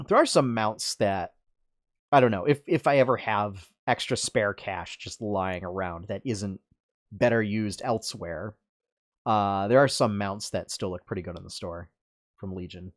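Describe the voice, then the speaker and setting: A man's voice: fairly low pitch, a little slow. A man co-hosting a podcast, chatting casually about video games with many fillers and restarts. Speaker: podcast co-host.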